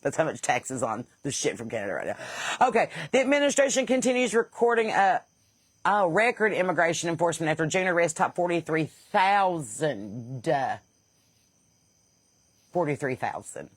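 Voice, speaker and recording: A woman's voice: lowish voice, sing-song, a little fast, breathy edge, no room sound. A woman podcast host with a Southern accent, blunt and sarcastic in casual comedic talk, laughing at her own jokes and a bit stuffy from sinus trouble.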